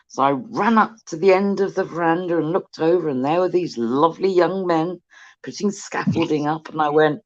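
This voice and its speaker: On a fishing livestream, a British co-host of medium pitch and moderate pace swaps stories in a cheeky, chatty way, doing impressions of what others said. The sound is muffled and lo-fi, as over a call.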